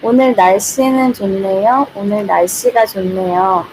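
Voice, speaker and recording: Korean-accented woman, streaming language tutor, casual and giggly. Mid pitch, slight background noise from the device mic. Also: racing, darkish tone, low-quality recording. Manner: giggly, repeats and restarts phrases. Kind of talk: casual livestream lesson. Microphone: built-in device mic, no external microphone.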